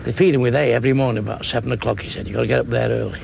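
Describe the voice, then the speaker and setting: A man's voice: medium pitch, steady tone, rapid-fire, vocal fry, a little mellow, slight background noise. A man with a Mancunian accent doing a crude stand-up comedy routine, chuckling at his own punchlines.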